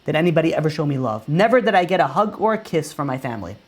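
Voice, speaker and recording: A man's voice: a little high, big pitch swings, rapid-fire. A man voicing a bitter, dismissive young man who says he never got a hug from his family.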